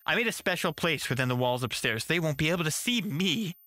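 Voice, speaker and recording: Bright-voiced man reading horror. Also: fairly high pitch, animated, fairly quick, dry recording, clean studio sound. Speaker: narrator. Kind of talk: first-person horror story reading.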